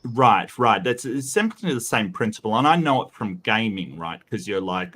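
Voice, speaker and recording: A man's voice: lowish voice, animated, normal speed, few pauses, fairly bright tone. A man with a Western Australian accent, co-hosting a debate review in casual, rambling chat. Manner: rambling, many restarts and quoted asides.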